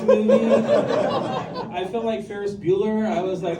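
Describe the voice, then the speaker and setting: A man's voice: high-pitched, brisk, over a noisy crowd. Man doing stand-up in an echoey club. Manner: conversational, self-deprecating, lots of filler ums and likes. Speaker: stand-up comedian. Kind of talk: stand-up comedy set. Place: comedy club stage with audience. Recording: echoey club room recorded from a distance. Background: audience laughter and room ambience.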